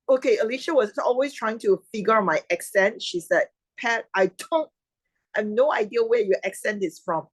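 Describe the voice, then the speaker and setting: A woman hosting an online club meeting over a video call, chatty and quick to laugh. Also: on the high side, no room sound, rough recording. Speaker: meeting host.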